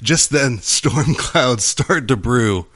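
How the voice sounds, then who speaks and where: A man's voice: medium pitch, expressive, husky, no echo. A man co-hosting a podcast in casual chat, telling a joke with many restarts and laughs. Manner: halting, many restarts, laughs and shouts while telling jokes. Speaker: podcast co-host. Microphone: close studio mic.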